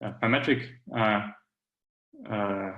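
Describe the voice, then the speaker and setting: A man's voice: on the low side, measured pace, reverberant, dull audio. A man giving a technical conference talk, hesitant with frequent fillers and restarts. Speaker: academic speaker.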